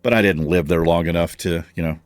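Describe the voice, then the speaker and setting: A man's voice: sits low, brisk, no room sound. A man hosting a gaming video, chatting casually in a rambling, meandering way while he plays. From Virginia. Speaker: gaming channel host. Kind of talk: casual chat while playing a game.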